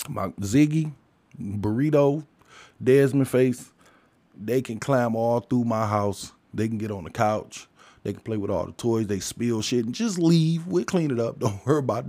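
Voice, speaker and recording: A man's voice: mid-range voice, darkish tone, no echo. A man ranting in a casual monologue, blunt and emphatic, swearing heavily and firing rhetorical questions at listeners. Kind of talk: casual profane rant.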